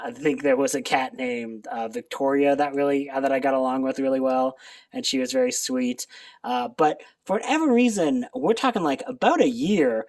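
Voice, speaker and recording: A man chatting casually in a rambling vlog, laughing often as he talks. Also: mid-range voice. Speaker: channel host. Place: at home.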